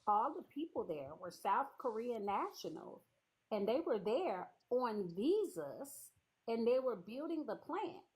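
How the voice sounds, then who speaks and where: A woman from the Chicago area, whose accent blends Southern and Midwestern, hosts a casual debate with pointed sass. Her voice is a little high, and the recording quality is low.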